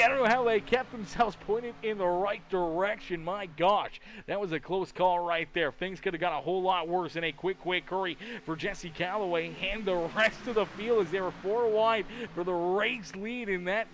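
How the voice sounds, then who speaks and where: Excitable high-pitched race commentator, tired. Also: male voice, moderate pace. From Canada. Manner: excitable play-by-play with sudden loud bursts and rambling asides. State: tired and yawning. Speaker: sim racing commentator. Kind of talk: live play-by-play commentary. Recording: noisy stream audio with race-car engine sound.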